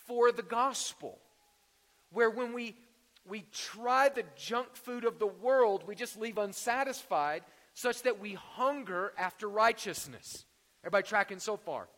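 A man's voice: high-pitched, fairly bright tone, in a large hall. A man preaching a sermon in a conversational way, with jokes and rhetorical questions. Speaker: pastor.

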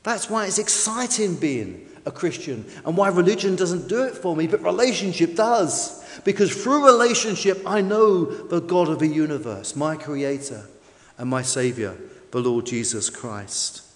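A man with a high voice preaches a sermon, his emphasis rising and falling from line to line. The sound carries a long reverb, as in a large hall or church. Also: lively intonation, moderate pace. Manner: emphatic, varied preaching delivery.

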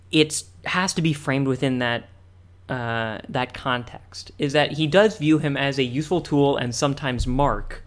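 Male co-host, casual chat, rambling delivery full of fillers. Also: medium pitch. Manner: rambling, many "like" fillers and restarts. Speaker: podcast co-host. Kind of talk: casual chat analyzing a cartoon.

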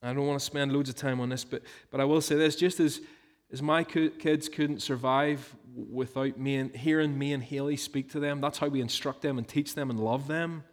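A man's voice: mid-range voice, steady tone, normal speed. A man, preaching a sermon in an earnest, emphatic way full of rhetorical questions. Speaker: pastor.

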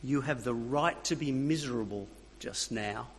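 A man voicing the sly, soothing whisper of the devil, coaxing and flattering. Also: mid-range voice, normal speed, a little hiss or hum, lightly acted. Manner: soft, soothing, wheedling. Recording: long reverb of a hall.

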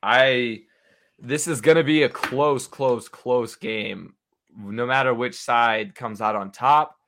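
Man, bright and clear tone, laid-back betting chat, drops frequent curses. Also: mid-range voice, slow pace. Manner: laid-back, swears freely, says bro and dude. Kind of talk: casual sports betting chat.

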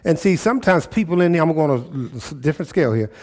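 A man's voice: fairly high pitch, expressive, fast talker, darkish tone. A pastor preaching a sermon, emphatic, repeating phrases and checking in with his listeners.

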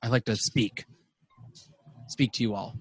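A man's voice: fairly low pitch, fairly even intonation, unhurried, over a noisy crowd. A man voicing a friendly, courteous male wood elf who speaks hesitantly.

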